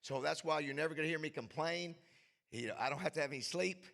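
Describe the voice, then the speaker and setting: Gravelly, hyped-up male emcee. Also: a little high, fast, fairly bright tone. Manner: hyped crowd-rousing, emotional asides. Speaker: host. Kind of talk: emceeing a luncheon. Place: banquet hall.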